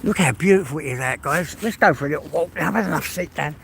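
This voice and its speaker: A man's voice: a little high, fast, gravelly, fairly bright tone, slight background noise. A man with an English accent chatting to his viewers on a phone livestream while walking his dog through the fields, swearing now and then. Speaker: livestream host. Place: outdoors in rural fields.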